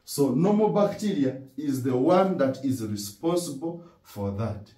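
A man's voice: medium pitch, expressive, measured pace, mellow. A man with a Ugandan accent giving a dental lecture, who asks rhetorical questions and answers them himself and repeats key words. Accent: Ugandan English. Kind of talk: classroom lecture. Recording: roomy echo, distant from mic.

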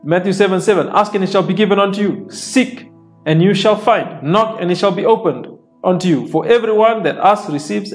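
Preacher, male, slightly high voice, plain explanatory sermon delivery, quiet worship music bed. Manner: reads scripture aloud and explains it plainly; repeats phrases for emphasis. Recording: soft worship music underneath.

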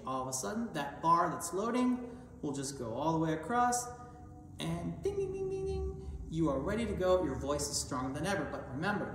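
A man's voice: a little high, a bit bright, a little hiss or hum. A man who directs a children's choir, giving an upbeat vocal lesson in an encouraging teacher's manner. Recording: echoey hall, voice from far off with faint music.

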